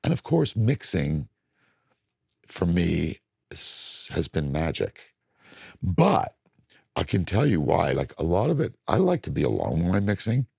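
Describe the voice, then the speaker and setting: A middle-aged record producer being interviewed, telling blunt studio stories and acting out moments from sessions. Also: male voice, low voice, unhurried, gravelly, pauses often, breathy edge, no room sound. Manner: animated, blunt storytelling that acts out studio moments.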